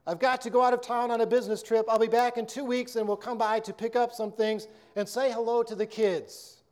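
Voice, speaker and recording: A man's voice: very high voice, level tone, a little fast. A man voicing a cold, curt husband who is leaving his family, speaking abruptly and dismissively.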